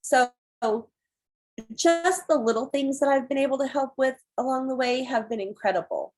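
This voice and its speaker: Husky-voiced chatty woman. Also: sits high, normal speed, rough recording. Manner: chatty and excitable, acts out her own reactions. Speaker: team member giving a testimony. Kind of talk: casual testimony on a video call. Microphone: video call.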